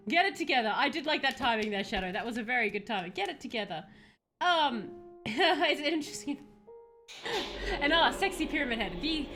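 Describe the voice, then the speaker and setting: A woman giving animated, laughing commentary while streaming a horror game. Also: on the high side. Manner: animated, laughs often, yelps and shrieks at scares. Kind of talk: casual gameplay commentary.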